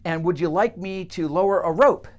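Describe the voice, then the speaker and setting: A man voicing a calm, practical woman passerby who offers to help. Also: sits high, normal speed, dull audio, voice pushed up, natural voice. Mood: helpful.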